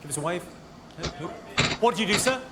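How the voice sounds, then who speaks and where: A man doing stand-up comedy, trading quick, cutting put-downs with people in the audience at a live show. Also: high-pitched, animated, noisy background. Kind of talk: stand-up crowd work. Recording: live show recording with loud crowd. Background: loud audience laughter.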